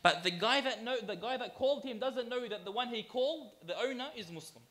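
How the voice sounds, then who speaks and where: A man preaching in a high, bright voice. He leans on repetition and slows down to hammer home his key phrases. He speaks to the congregation as brothers and sisters. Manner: emphatic, with deliberate repetition; addresses the audience as brothers and sisters. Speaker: sheikh giving a religious talk. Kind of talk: sermon.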